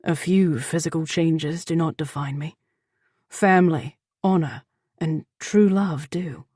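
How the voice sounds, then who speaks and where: A woman voicing a gruff but tender barbarian man, speaking in a low, roughened, earnest way. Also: unhurried, dark tone, no echo, studio quality.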